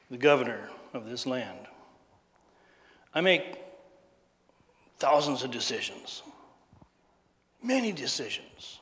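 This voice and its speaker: A man's voice: medium pitch, fairly bright tone. A man in a dramatic first-person monologue as a governor, stammering and troubled as he justifies himself. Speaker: actor in a Passion monologue. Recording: reverberant hall.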